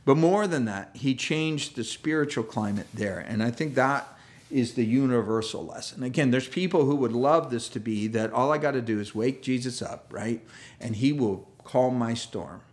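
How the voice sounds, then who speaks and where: A man's voice: medium pitch, moderate pace. A male pastor giving a conversational sermon, telling the story with humor and acting out the characters' lines. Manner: lively storyteller, acts out quoted voices, self-deprecating humor.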